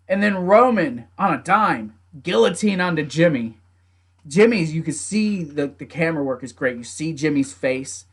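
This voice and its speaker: Animated man recapping a wrestling match. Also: on the high side, normal speed, slightly rough. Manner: animated, laughs often, voices the wrestlers in quotes. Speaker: wrestling show reviewer. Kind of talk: casual recap with acted quotes.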